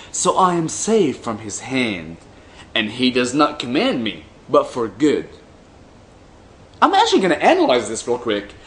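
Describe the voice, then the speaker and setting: A man reading religious texts aloud in a slow, deliberate way, breaking off for mocking, dry asides. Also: mid-range voice, a little hiss or hum. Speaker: commentator reading hadith aloud.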